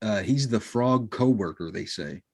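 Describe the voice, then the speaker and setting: A man's voice: fairly low pitch, animated, a little slow, darkish tone, no echo, studio quality. A man co-hosting a podcast in casual chat, laid-back and wry, mostly short remarks. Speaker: podcast co-host.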